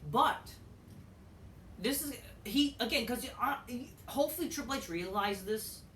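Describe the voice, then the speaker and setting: A woman's voice: on the low side, a bit bright. A woman ranting at home in casual commentary, rambling, repeating herself, swearing and restarting sentences. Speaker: wrestling commentary vlogger. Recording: roomy echo, distant from mic, faint noise.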